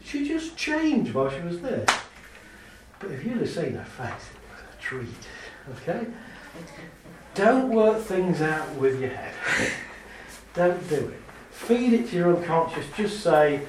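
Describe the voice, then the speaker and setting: A man giving a talk to a live audience, lively and chatty, laughing often and acting out little scenes. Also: on the high side, recorded from a distance, background noise. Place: large hall with an audience. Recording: very echoey hall, speaker off mic.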